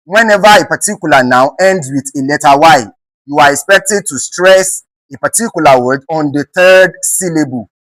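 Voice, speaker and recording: A man's voice: fairly high pitch, fairly bright tone, dry recording, poor audio. A man with a Nigerian accent teaching an exam-prep English lesson, often checking in with rhetorical questions and repeating words for emphasis.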